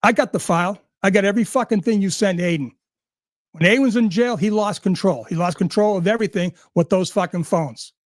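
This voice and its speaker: A man's voice: high voice, a little fast, no room sound, clean studio sound. A man ranting angrily and sarcastically, swearing at almost every turn. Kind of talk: profane rant.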